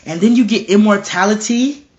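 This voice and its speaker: A man's voice: sits high, normal speed. A man preaching casually and earnestly, often stumbling and repeating words as he talks, now and then acting out bold dialogue. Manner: animated, acts out bold dialogue. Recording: dull lo-fi recording.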